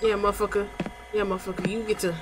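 A woman's voice: mid-range voice, very fast, noisy background. A woman hosting a gameplay video, talking casually with lots of slang and swearing as she plays. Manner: loud, profane, slangy and animated. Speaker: gaming video host.

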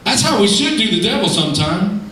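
A man preaching a sermon, emphatic and animated, swinging between shouts and low asides, heard from far off in an echoey church hall. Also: a little fast, a crowd in the background.

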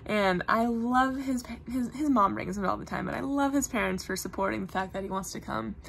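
A woman's voice: on the high side, fairly quick, creaky, a bit bright, a little hiss or hum. A young adult woman, a puppeteer, telling stories in casual, earnest chat. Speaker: puppeteer guest. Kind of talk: casual chat on a live web show.

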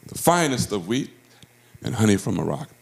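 A male pastor preaching a sermon, with emphatic delivery that swings between high, drawn-out phrases and low, quiet ones. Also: very animated, gravelly. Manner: emphatic preaching with wide swings in pitch and loudness. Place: church sanctuary. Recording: roomy church echo.

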